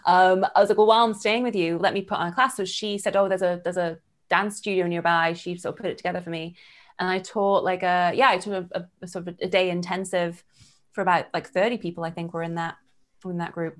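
A woman's voice: lowish voice, fairly even intonation, quick pace. A woman whose accent mixes English and American speech, chatting as a guest in a live online workshop. She talks in a bubbly, chatty way and giggles often, heard through a video call mic. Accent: transatlantic, mix of English and American. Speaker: workshop guest, burlesque performer.

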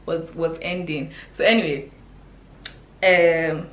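A young woman, a vlogger telling a chatty, expressive story with sudden exclamations. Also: sits low, takes it slowly. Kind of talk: casual storytime chat. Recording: echoey room.

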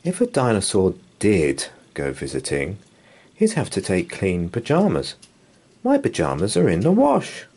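A man's voice: low voice, sing-song, normal speed, a little mellow, breathy edge, heavily acted. A man reading a storybook aloud and voicing a small, anxious young male dinosaur who frets and pleads. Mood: worried. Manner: fretful, worried pleading.

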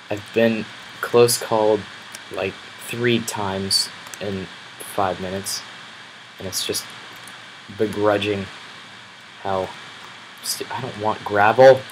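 Male let's-play commentator, slow and grumbly, loud outbursts at enemies, noisy home recording. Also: fairly low pitch. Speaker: gameplay commentator.

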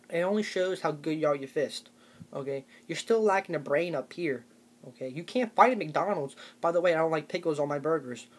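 A young male vlogger with a high, slightly rough voice rants sarcastically to camera for comic effect, capping his points with "okay?"

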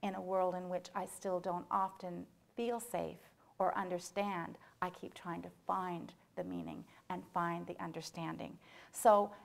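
A woman's voice: lowish voice, expressive, a little slow, vocal fry. A middle-aged woman giving a lecture, animatedly retelling a story with quoted voices and asides. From Canada. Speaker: author giving a memorial lecture.

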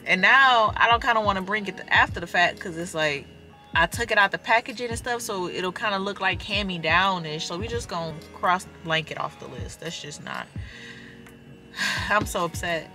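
Bright, chatty young mom vlogging from a car. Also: female voice, medium pitch, moderate pace, faint music behind. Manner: animated and emphatic, addresses viewers as y'all. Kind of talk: casual chatty vlog talk.

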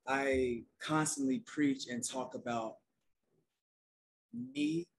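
A soft-spoken young man from North Carolina, talking calmly as a guest in a casual group conversation. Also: medium pitch, takes it slowly, gravelly, slight background noise, poor audio. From North Carolina, USA. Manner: soft-spoken and relaxed, calls it his quiet storm voice. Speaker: guest, outdoor youth program founder.

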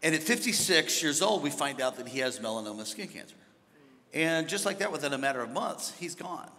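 A male pastor preaching a sermon, telling stories and building up to shouting. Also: on the high side, sing-song, a little fast. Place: large church hall. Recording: hall reverb from a big church.

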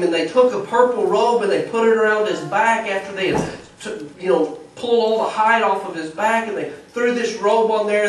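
A man preaching a storytelling sermon in church, animated, acting out the voices of the people in the story. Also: high-pitched, far from the mic. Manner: animated, acts out quoted voices. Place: church sanctuary. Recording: echoey church recording from afar.

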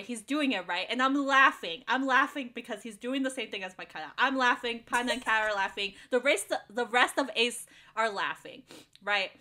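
A woman's voice: a little high, sharp tone. A young woman co-hosting a podcast, telling a story in a casual, slangy way and laughing often. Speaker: podcast co-host. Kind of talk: casual chat.

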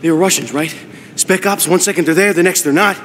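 A man's voice: high-pitched, fast talker, fairly bright tone, slight background noise. An actor playing a nervous young male soldier who reports in a jittery, breathless way. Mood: shaken.

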